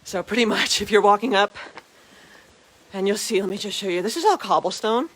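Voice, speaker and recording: A woman's voice: mid-range voice, a little fast, a bit bright, breathy edge. Chatty woman giving a walking tour. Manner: chatty and upbeat, addressing viewers directly. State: out of breath from climbing steps. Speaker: tour guide vlogger. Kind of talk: live walking tour narration. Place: outdoors on a hilltop village. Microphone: phone held while walking.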